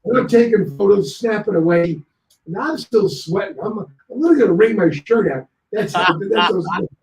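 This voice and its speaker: A male guest on a talk show telling anecdotes in a lively way and acting out other people's lines. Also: sits high, normal speed, echoey room, crowd noise, rough recording. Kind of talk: anecdotal storytelling.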